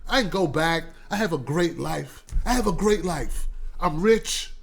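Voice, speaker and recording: A man's voice: fairly high pitch, lively intonation, a little slow, gravelly, breathy edge, exaggerated voice. A man putting on a boastful, dismissive rich older politician. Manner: bragging, dismissive.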